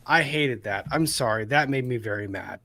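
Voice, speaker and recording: A man's voice: mid-range voice, moderate pace, pushed and bright, dry recording. A male host in casual chat, ranting with exasperation and heavy swearing.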